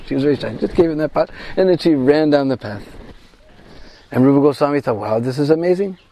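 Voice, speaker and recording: Mellow, fairly high man telling devotional tales. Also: fairly quick. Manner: animated, acts out the quoted voices in the tale. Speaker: pilgrimage guide and devotional speaker. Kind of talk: devotional storytelling on a pilgrimage tour. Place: at a shrine on pilgrimage.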